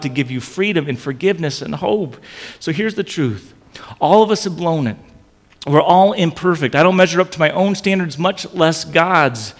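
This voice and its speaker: Man, pastor, conversational sermon, repeats phrases, reverberant sound. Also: fairly high pitch.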